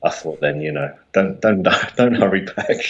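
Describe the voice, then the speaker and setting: A man's voice: deep voice, expressive, measured pace, dull audio. A middle-aged comedian with a southern English Mockney accent, chatting in an interview, self-deprecating and laughing often, repeating words as he goes. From England. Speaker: guest comedian. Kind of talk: casual interview chat.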